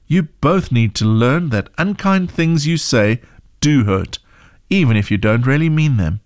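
A man's voice: medium pitch, animated, measured pace, a little mellow, clear, resonant tone, no room sound, clean studio sound, natural voice. A man voicing a stern but caring mother who scolds her two children. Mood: firm. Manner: firm, scolding.

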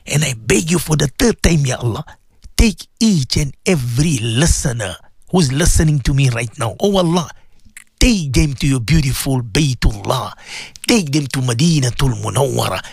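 A man's voice: sits high, vocal fry, fairly bright tone, dry recording, studio quality. A man presenting religious radio talk, praying and preaching fervently with repeated pleading phrases.

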